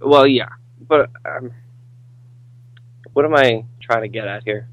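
A man's voice: medium pitch, slow, dry recording, lo-fi sound. A young man co-hosting a casual movie podcast, rambling, swearing casually and laughing often. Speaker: podcast co-host.

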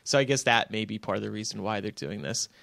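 A man's voice: on the low side, fast talker, vocal fry, fairly bright tone, dry recording. A man hosting a casual movie chat, talking in a chatty way with frequent restarts. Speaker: podcast host.

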